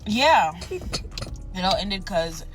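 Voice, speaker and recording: A woman's voice: mid-range voice, sing-song, very slow, music in the background. A woman telling a personal story in casual story-time style, blunt and rambling. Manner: blunt, rambling, acts out quoted voices. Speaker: storyteller in a played clip.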